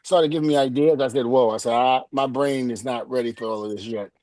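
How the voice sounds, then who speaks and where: A man's voice: medium pitch, fairly quick, no echo. A middle-aged man, a podcast guest, telling a story in casual chat and acting out each quoted line with laughter. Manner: animated, acts out quoted dialogue with laughs.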